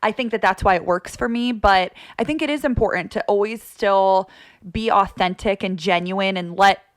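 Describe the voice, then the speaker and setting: A woman's voice: mid-range voice, moderate pace. A young woman, a sports broadcaster, chatting casually as a podcast guest in an upbeat, talkative way, laughing easily.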